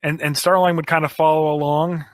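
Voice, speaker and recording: A man's voice: fairly high pitch, little pitch movement, a little fast, dry recording. A man hosting a casual podcast, playfully spinning out silly scenarios. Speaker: podcast host.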